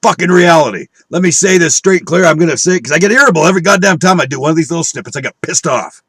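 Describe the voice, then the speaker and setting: A man's voice: on the high side, racing, a bit bright, slightly rough, no echo. A man delivering a profane, combative rant at his viewers, scornful and preaching, with a dry close recording. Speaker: online video speaker. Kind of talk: angry conspiracy rant.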